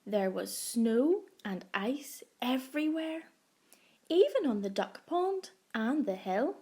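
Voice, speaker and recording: A woman's voice: high-pitched, slightly rough. A woman primary school teacher reading a picture book aloud to young children. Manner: slow, expressive.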